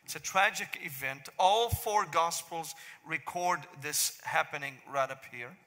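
A middle-aged man with a Syrian accent preaching a sermon, telling jokes and stories and then praying slowly and solemnly. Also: on the high side, pushed and bright. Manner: joking storyteller turning to slow solemn prayer. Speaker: pastor. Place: large church sanctuary. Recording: long church reverb.

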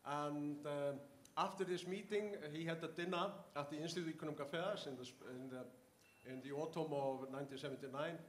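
A man's voice: on the high side, steady tone, a little hiss or hum. Older Icelandic man telling anecdotes, echoey room. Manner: halting, many fillers and restarts. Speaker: interviewee, professor. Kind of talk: anecdotal interview storytelling. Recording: echoey room, faint ambience.

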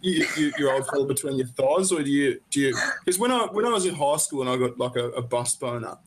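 A man's voice: medium pitch, animated, quick pace, slight background noise. A man hosting a casual interview, asking blunt, joking questions and often stumbling over and repeating his words. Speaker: host interviewing a guest. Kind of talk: casual, crude interview chat.

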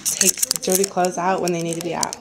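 A woman's voice: on the low side, level tone, brisk, vocal fry, very noisy. A woman chatting casually to camera in her bedroom, giggling often and saying "like" a lot. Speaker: vlogger. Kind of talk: casual chat.

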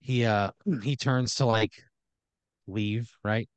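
A man's voice: medium pitch, steady tone, slow, dry recording. A man hosting a comedy podcast, telling an improvised story in a rambling way, full of restarts and fillers.

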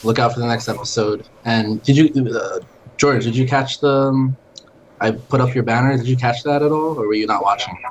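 A man's voice: medium pitch, a little fast, low-quality recording. Laid-back guy saying bye to the stream, faint hiss. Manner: relaxed, hesitant. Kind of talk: casual sign-off.

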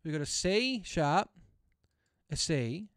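A man's voice: on the high side, sing-song, slow pace, noisy background. A man hosting a music reaction stream, chatting casually and enthusiastically about vocal tracks, often laughing. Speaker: host reacting to multitrack stems.

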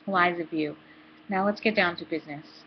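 A woman reading aloud as a middle-aged female college dean who speaks formally and briskly, on a dull, lo-fi recording. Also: on the low side, slight background noise, close to an everyday voice. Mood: businesslike.

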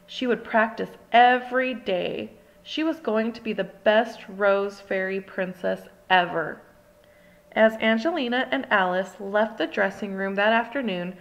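A woman reading a children's storybook aloud for little ones, with gentle, expressive narration. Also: medium pitch, vocal fry, low-quality recording. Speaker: storybook reader.

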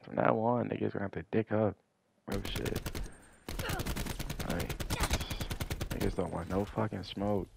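Young male gamer, low gravelly voice, profane and exasperated trash-talk commentary. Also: steady tone, unhurried, pauses often, background noise. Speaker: gaming commentator. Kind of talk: gameplay commentary.

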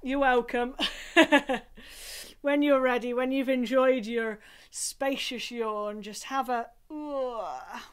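A woman with a Scottish accent leading a singing group's online warm-up, gentle and encouraging with light laughs. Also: fairly high pitch, fairly even intonation, slow, smooth. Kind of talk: online vocal warm-up class. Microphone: home recording for video.

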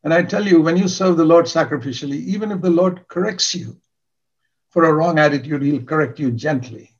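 A man's voice: a little high, fairly quick, muffled recording. An older man preaching a sermon in an earnest, emphatic way, repeating key words for stress.

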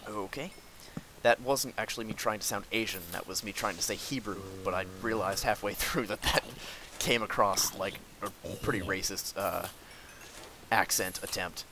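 Excitable young man narrating gameplay. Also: fairly low pitch, normal speed, background noise. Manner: excitable, talks to himself and the enemies, frequent laughs and outbursts. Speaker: gaming video host. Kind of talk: live gameplay commentary.

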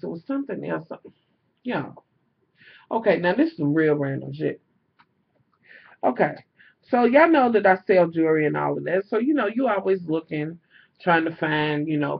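A man's voice: on the high side, gravelly, breathy edge. A man chatting casually to camera in a vlog, swearing freely and venting in an exasperated way with lots of fillers, recorded indoors at home on a camera mic. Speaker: vlogger selling jewelry. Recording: dull lo-fi camera audio.

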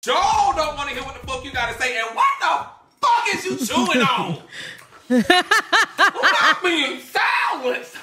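A woman hosting a drama commentary, loud, laughing and swearing as she rants. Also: high voice, sing-song, a little slow, roomy sound, over a noisy crowd. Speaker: commentary host.

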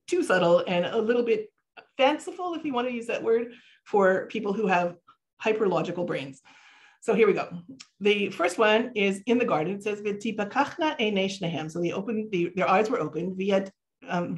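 A woman giving a Torah class online from her computer. She moves between English explanation and read-out Hebrew verses, stopping often with fillers and restarts. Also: mid-range voice. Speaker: teacher.

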